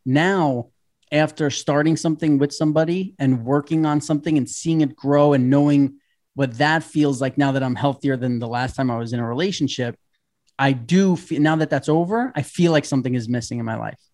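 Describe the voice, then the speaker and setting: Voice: mid-range voice, a little fast, a little mellow. A podcast co-host, talking candidly in casual chat, swearing freely and laughing often.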